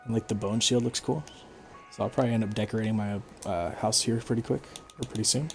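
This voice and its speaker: A man's voice: lowish voice, quick pace, creaky, soft background music. Casual male gameplay streamer. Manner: relaxed, explanatory, frequent fillers. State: hiccups. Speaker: gaming streamer.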